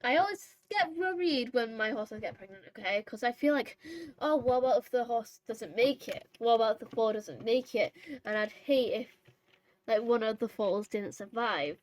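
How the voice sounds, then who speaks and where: Chatty, rambling woman with a higher voice. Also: animated, normal speed, poor audio. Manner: rambling and chatty, full of fillers and self-corrections. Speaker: gaming vlogger. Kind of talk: casual chat over horse role-play gameplay.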